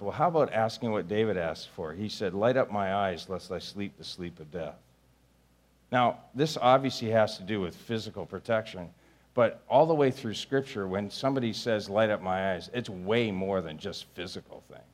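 A man preaching a sermon, rising to near-shouted pleas and dropping to a low, quiet voice. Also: moderate pace. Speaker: pastor.

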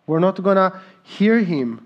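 A man in his thirties preaching a sermon as pastor, slow and emphatic in delivery. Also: high voice, lively intonation, highs cut off.

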